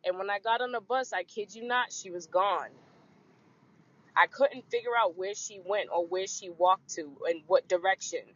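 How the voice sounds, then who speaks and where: Woman podcast host, lively frank storyteller, mid pitch, muffled lo-fi sound. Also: moderate pace. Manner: animated, acts out quoted voices, frank. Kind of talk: casual storytelling chat. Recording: muffled lo-fi recording.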